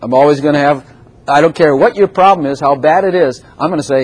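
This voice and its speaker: A man preaching a sermon as a pastor, animated, with laughing asides and repeated phrases for emphasis. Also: a little high, quick pace, low-quality recording.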